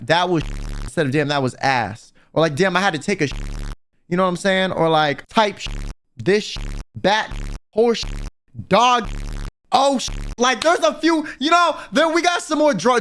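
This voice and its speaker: A young man streaming as a vtuber, joking and rambling to his chat in a casual comedic monologue. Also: high-pitched. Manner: animated, rambling, talks to chat.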